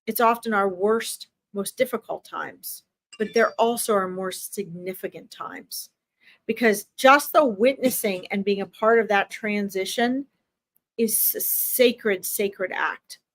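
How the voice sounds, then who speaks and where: A woman's voice: mid-range voice, slow. A woman animal communicator giving an earnest, emphatic pet reading on a livestream, often repeating herself. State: tearing up.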